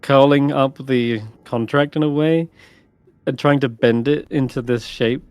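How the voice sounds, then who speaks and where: A man's voice: mid-range voice, steady tone, measured pace, darkish tone, clean tone, dry recording. A man narrating as game master in a tabletop game, describing scenes in a hesitant way with many fillers.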